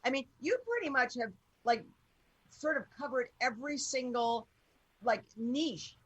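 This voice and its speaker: A woman's voice: sits high, measured pace, breathy edge, no room sound, lo-fi sound. A woman hosting a casual interview show, blunt and rambling, who swears freely. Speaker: radio show host.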